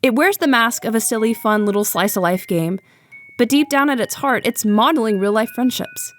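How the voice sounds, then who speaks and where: Young woman, higher pitch, sincere and thoughtful narration with a joking edge. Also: expressive, moderate pace, a little hiss or hum. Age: young adult. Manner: earnest and reflective, with playful asides. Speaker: YouTube video essayist. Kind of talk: scripted narration.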